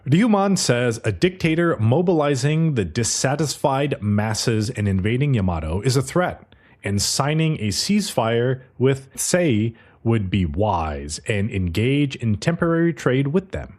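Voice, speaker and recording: A man retelling a story in loose, chatty podcast talk, his pitch rising and falling freely from line to line. He is breezy and unfiltered, tossing in swear words as he goes. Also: sing-song, unhurried, a little mellow. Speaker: podcast host. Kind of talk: casual episode recap.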